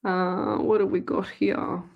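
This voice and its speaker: A woman's voice: mid-range voice, level tone, takes it slowly, vocal fry, dull audio. Chatty Australian woman greeting viewers. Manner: chatty, greets viewers by name, laughs easily. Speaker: psychic medium hosting a live stream. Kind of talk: casual live-stream chat.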